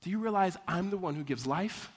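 A male pastor preaching a sermon, telling lively stories with laughter and acting out both sides of a conversation. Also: high-pitched, a little fast. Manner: animated storytelling, acting out dialogue, laughing often. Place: church.

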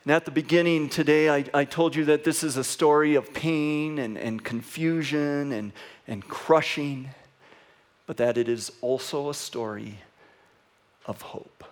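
Man preaching a lively sermon. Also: fairly high pitch, a little slow. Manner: reads scripture, then builds to an excited, rising delivery with wry asides. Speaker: pastor. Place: church sanctuary.

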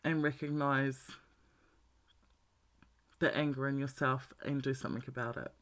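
A man's voice: mid-range voice, fairly even intonation, normal speed, fairly bright tone. A man giving a blunt, profane, candid talk about emotional healing, repeating his points for emphasis.

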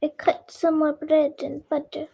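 A child voicing a nervous male hatter on trial, reading aloud slowly and carefully. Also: high voice, completely flat delivery, vocal fry, muffled recording.

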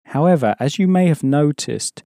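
A man's voice: a little high, lively intonation, normal speed, mellow, no room sound, studio quality. A man teaching an audio language course, patiently explaining and prompting the learner to answer.

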